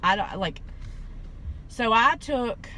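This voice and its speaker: A woman's voice: fairly high pitch, slow, a little hiss or hum. A young woman, telling a story in a casual vlog and acting out the people in it, with plenty of fillers. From Southern US. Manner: animated, acts out quoted dialogue, chatty with fillers. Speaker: vlogger.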